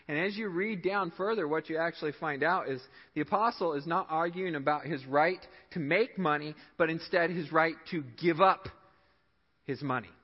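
A man's voice: fairly high pitch, normal speed, breathy edge. A man preaching a sermon as a church pastor, emphatic, his voice climbing and dropping to stress his points. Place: church sanctuary. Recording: dull sound in a reverberant hall.

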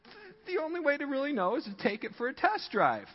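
A man's voice: wildly swooping pitch, fairly quick, muffled recording, full character voice. A pastor putting on a panicky squealing car salesman. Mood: coaxing. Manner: frantic, high-pitched pleading.

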